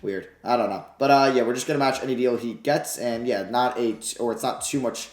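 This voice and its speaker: A man giving casual commentary over his own video game playthrough, excited and shouting at big wins, low and grumbling at losses. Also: brisk, roomy sound. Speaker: gaming YouTuber.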